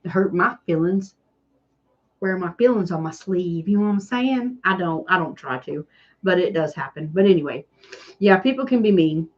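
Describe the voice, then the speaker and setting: Southern country lady rambling on her live stream, sarcastic, bit muffled lo-fi sound. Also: mid-range voice. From Tennessee. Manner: chatty, self-deprecating, sarcastic. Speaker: DIY channel host doing a live stream. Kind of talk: casual chat with viewers.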